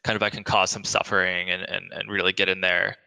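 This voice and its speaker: A man co-hosting a casual discussion, excitable and jokey, swearing casually. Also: low-pitched, fast talker, vocal fry, clear, resonant tone, big-room sound. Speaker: podcast co-host.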